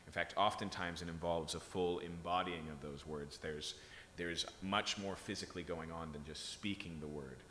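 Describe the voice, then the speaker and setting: A man's voice: sits low, fairly even intonation, moderate pace, pushed and bright, a little hiss or hum. A man preaching a sermon in a conversational way, often checking in with his listeners. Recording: echoey hall.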